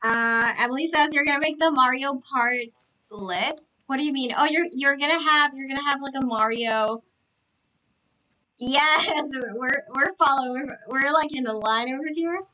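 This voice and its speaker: High, bright, gushing young woman. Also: normal speed, poor audio. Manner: gushing, gasping, repeats herself. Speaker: live streamer touring a game island. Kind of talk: excited live stream commentary.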